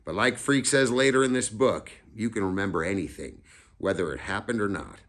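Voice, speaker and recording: A man's voice: fairly low pitch, fairly quick, fairly bright tone. A man reading a novel aloud in the first person, in a casual, conversational storytelling way. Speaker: audiobook reader.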